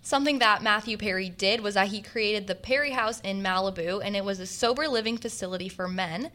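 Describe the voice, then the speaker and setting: A young woman co-hosting a podcast, bubbly and excitable in casual chat. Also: medium pitch, fairly quick. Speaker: podcast co-host.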